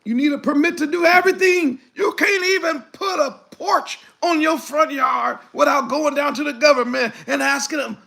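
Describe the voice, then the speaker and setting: A man preaching a fiery sermon in loose, casual grammar, swinging between quiet muttering and shouted lines. His voice is unusually high and gravelly, with a bright, forceful edge. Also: moderate pace, hardly any pauses.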